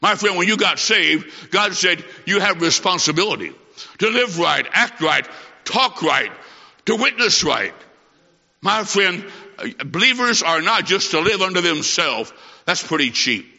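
A man's voice: high voice, lively intonation, measured pace, creaky, sharp tone. A middle-aged man preaching a sermon, telling a childhood story with emphatic, repeated phrases. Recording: dull recording in a reverberant hall.

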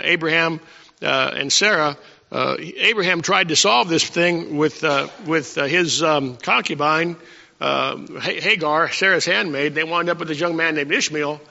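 A man preaching a sermon to his congregation in a folksy way, often clearing his throat. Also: fairly high pitch, pushed and bright. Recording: dull lo-fi recording in a long-reverb hall.

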